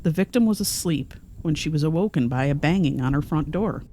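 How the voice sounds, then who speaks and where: A woman's voice: sits low, animated, a little fast, mellow, slight background noise. A woman co-hosting a podcast, narrating a first-hand story and reading the witness's words aloud. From rural area. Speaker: podcast co-host.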